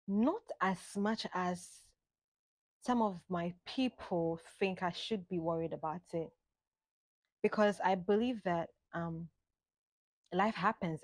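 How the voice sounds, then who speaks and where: Low-voiced young woman. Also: no room sound. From Ghana. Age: late 20s. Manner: musing, unhurried, drifts between thoughts. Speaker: vlogger. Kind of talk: reflective monologue.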